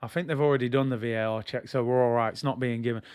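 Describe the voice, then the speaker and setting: A young man giving excitable, slang-heavy live commentary as he watches a football match, now and then bursting into shouts. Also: medium pitch, rapid-fire, clean tone. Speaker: football fan streamer.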